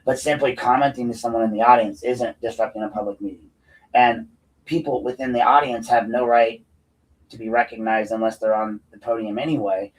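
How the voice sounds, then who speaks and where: A man's voice: medium pitch, fairly even intonation, a little fast, recorded from a distance, poor audio. A man hosting an unscripted solo show, ranting in a profane, combative, heated way. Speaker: podcast host.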